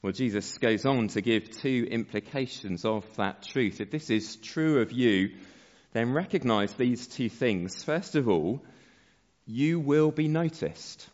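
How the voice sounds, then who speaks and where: Guy giving a slow sermon, kinda muffled sound, long echo like a big church. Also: mid-range voice, animated. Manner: slow, measured preaching with soft, trailing phrase endings. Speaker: pastor. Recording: dull sound with long hall reverb.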